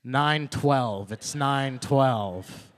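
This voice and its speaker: A young man performing a stand-up set at an open mic, repeating his punchlines and working up to loud, indignant rants. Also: mid-range voice, extremely slow. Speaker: stand-up comedian. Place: open mic comedy night venue.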